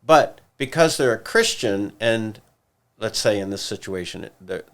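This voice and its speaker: A man co-hosting a church podcast, explaining ideas in a measured, thoughtful way. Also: fairly low pitch, lively intonation. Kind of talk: casual podcast discussion.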